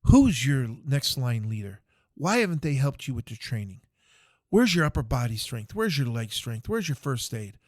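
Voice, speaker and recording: A man voicing an impatient army captain who berates a soldier with rapid questions, in a dry recording. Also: mid-range voice, very animated, no echo, lightly acted. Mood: contemptuous.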